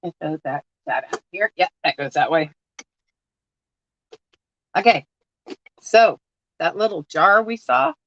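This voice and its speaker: A woman's voice: fairly low pitch, expressive, takes it slowly, pauses often, a bit bright, muffled recording, a little hiss or hum. A woman chatting casually to viewers while sorting through a box of odds and ends, rambling and laughing at herself. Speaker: crafting vlogger. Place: at home.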